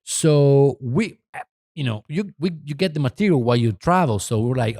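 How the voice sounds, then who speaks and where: A man's voice: on the high side, normal speed, darkish tone, no echo, clean studio sound. A middle-aged man chatting as a podcast guest, rambling and hesitant with many restarts. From Italy. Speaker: podcast guest, magazine co-founder. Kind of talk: casual chat.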